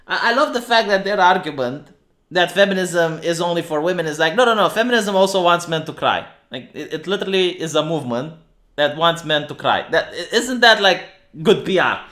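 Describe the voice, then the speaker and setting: A man's voice: high voice, bright, forceful tone. A man with a Romanian accent giving opinionated, sarcastic livestream commentary, often restarting his sentences. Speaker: streamer.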